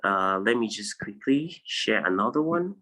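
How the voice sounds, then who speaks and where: A man's voice: lowish voice, lively intonation, unhurried, bright, forceful tone, low-quality recording. A man with a Nigerian English accent, teaching a pronunciation lesson over a video call and patiently repeating each word so students can drill it. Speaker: English tutor.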